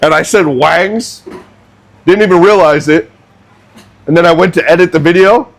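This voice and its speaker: A young man who cooks at a barbecue restaurant, telling a funny story in a casual, animated, self-mocking way as he works in the kitchen. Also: high-pitched, brisk. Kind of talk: casual storytelling while cooking.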